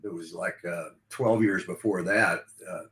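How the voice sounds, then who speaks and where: Older man, deep voice, retired-style play-by-play guy telling rambling stories; roomy sound. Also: a little slow, fairly bright tone. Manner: rambling, reminiscing with restarts and laughs. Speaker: guest, longtime radio play-by-play broadcaster. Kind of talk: casual podcast interview, storytelling. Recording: echoey room.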